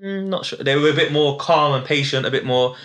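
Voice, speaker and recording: Bright-voiced London man telling stories. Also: a little high, fairly quick. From West London. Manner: animated storytelling, London slang. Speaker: guest rapper. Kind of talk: casual chat.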